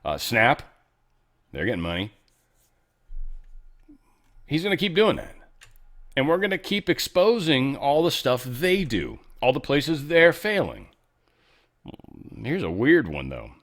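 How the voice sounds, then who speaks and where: A man in the host's chair talks through the day's news in a loose, rambling way. He piles up fillers and restarts as he goes, and his voice sits at an ordinary pitch. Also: huge pitch swings, a little slow, pauses often, a bit bright. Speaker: show host. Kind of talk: casual political commentary.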